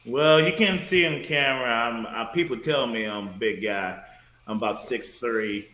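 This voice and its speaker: A man from Detroit, a former bouncer, chatting as a podcast guest in a relaxed, storytelling way. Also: medium pitch, normal speed. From Detroit, USA. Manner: relaxed, storytelling, laughs easily. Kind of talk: casual chat. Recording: echoey room.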